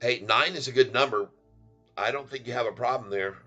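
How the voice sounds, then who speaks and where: A man's voice: medium pitch, brisk, sharp tone, muffled recording, soft background music. A middle-aged man hosting a stock market livestream, joking, rhyming and laughing often as he hypes his viewers. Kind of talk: playful sing-song stock chat.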